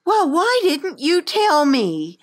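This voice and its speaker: A woman's voice: sits high, wildly swooping pitch, slow, voice pushed up, exaggerated voice. A woman voicing a bossy, haughty young noblewoman who talks in an imperious, demanding way.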